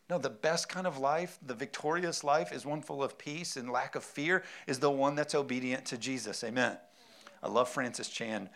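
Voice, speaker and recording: A man's voice: mid-range voice, moderate pace, a bit bright. A man preaching a sermon, emphatic, with rhetorical questions and frequent amens. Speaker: pastor.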